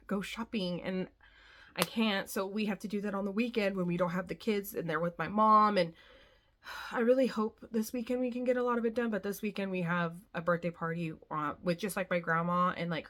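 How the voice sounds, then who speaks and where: A woman's voice: mid-range voice, a little fast, a bit bright. A young woman vlogging to the camera, rambling frankly about her day in a slightly weary, casual way. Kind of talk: casual chat.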